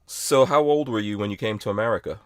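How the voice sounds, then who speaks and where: A man's voice: on the low side, fast, no room sound. A man hosting a podcast in a rambling, playful way, reading out chat comments. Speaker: podcast host.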